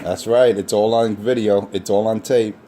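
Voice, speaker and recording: A man's voice: on the low side, steady tone, moderate pace, dark tone, a little hiss or hum. A man in casual trash talk, scornful and ranting.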